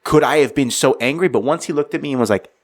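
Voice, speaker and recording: A man's voice: medium pitch, fast talker. A man co-hosting a casual podcast, joking and swearing as he acts out his own thoughts. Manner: profane, jokey, animated storyteller who reenacts his own thoughts. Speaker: podcast co-host.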